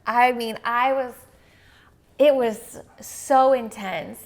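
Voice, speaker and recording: A woman's voice: on the high side, steady tone, slow. A young woman telling a personal story in casual chat, with many "like"s and "um"s. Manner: chatty, lots of "like" and "um". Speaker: co-host telling a birth story.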